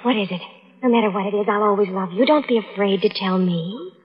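A cunning fiancée who turns blackmailer in an old radio thriller. Her voice rises and dips with lively swings, sounding dull and lo-fi, calculating under its sweetness. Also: on the high side, normal speed. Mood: coaxing. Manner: sweetly coaxing, then icy and calculating. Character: scheming young fiancée turned cold blackmailer. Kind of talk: 1940s radio drama acting.

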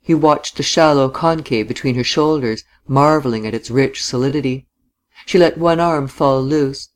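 A man reading a novel aloud as an audiobook narrator, measured and even. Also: mid-range voice. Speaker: audiobook reader.

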